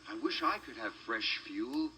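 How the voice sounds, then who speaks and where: A man's voice: mid-range voice, big pitch swings, unhurried, noisy background. A man voicing a proud, earnest little male steam engine in a storybook reading. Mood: worried. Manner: eager, indignant.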